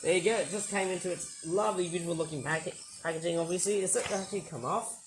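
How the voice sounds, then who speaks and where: A hoarse man recovering from a sore throat, rambling excitedly through a casual toy unboxing review with loud bursts. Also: high voice, fast talker, slight background noise, low-quality recording.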